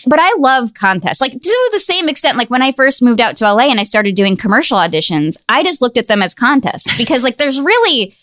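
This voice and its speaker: A woman's voice: fairly high pitch, sing-song, fairly quick, hardly any pauses, fairly bright tone, no echo. A woman in her forties telling a story in casual chat, chatty, laughing often and saying "like" a lot.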